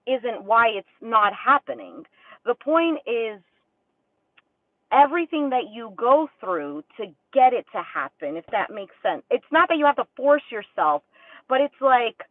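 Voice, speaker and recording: A woman's voice: on the high side, no echo. A woman giving a casual tarot reading, rambling and acting out inner thoughts as little quoted asides. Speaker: tarot reader. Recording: tinny phone-like dry sound.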